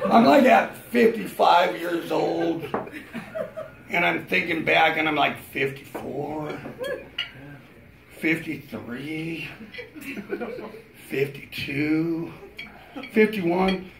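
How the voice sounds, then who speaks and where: Slow, gravelly man in his fifties. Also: fairly high pitch, noisy background. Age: 50s. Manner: slow deadpan storytelling, swearing, rising to shouted punchlines. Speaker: stand-up comedian. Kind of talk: stand-up comedy set. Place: comedy club stage. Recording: roomy club sound from a distance. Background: audience laughter.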